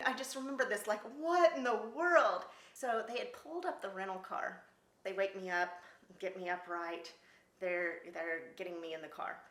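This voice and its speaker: A middle-aged woman telling her own story in casual talk, lively and laughing between lines. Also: mid-range voice, normal speed. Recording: roomy echo.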